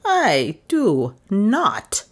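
A woman voicing a nervous, indignant middle-aged maid in an audiobook, her lines pitched high and shrill. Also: wildly swooping pitch, very slow, full character voice. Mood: flustered indignant.

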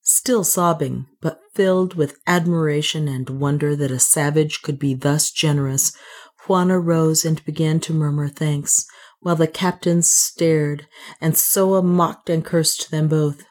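Slow, low-voiced woman reader. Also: fairly even intonation, darkish tone. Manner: measured narration, enthusiastic chatty asides. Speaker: audiobook reader. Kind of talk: reading a classic novel aloud, then casual commentary.

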